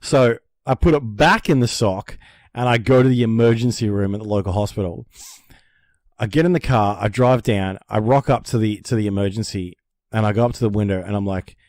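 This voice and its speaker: A man telling a story in casual podcast chat. He swears freely and tells it in an animated way. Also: fairly low pitch, fairly quick, no room sound, clean studio sound. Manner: animated, profane storyteller who acts out panicked voices. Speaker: podcast co-host.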